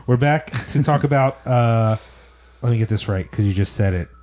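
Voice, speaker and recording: A man co-hosting a casual film podcast with a dark, mellow tone. He speaks frankly and a little haltingly, restarting his words. His voice sits at a middle pitch. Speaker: podcast co-host.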